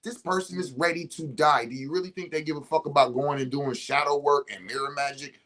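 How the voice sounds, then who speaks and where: A man's voice: fairly high pitch, fairly quick. A man talking casually as a healer and host, cursing freely and acting out what others said, recorded indoors in a house. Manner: animated, profane, acts out quotes. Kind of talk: casual storytelling talk.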